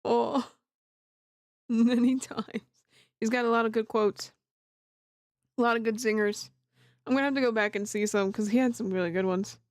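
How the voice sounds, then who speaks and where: A woman's voice: a little high, fairly even intonation, moderate pace, long pauses, darkish tone, no echo, studio quality. A woman streamer chatting casually and giggling often while playing a game. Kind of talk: casual let's play commentary.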